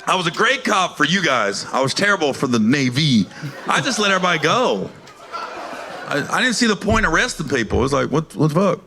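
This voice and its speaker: A man's voice: a little high, sing-song, brisk, pushed and bright, slight background noise. A man performing stand-up comedy, telling a profane story and laughing between his lines.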